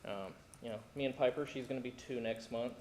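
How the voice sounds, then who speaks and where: A man, speaking in earnest, halting public comment at a city council meeting. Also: medium pitch, darkish tone. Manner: earnest, worried, halting with fillers. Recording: echoey council chamber, faint room noise.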